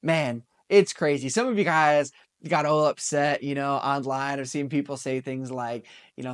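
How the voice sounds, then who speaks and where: Man, 30s, podcast host; upbeat, laughs often, a bit high-pitched. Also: moderate pace, smooth. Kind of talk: casual opinion talk show.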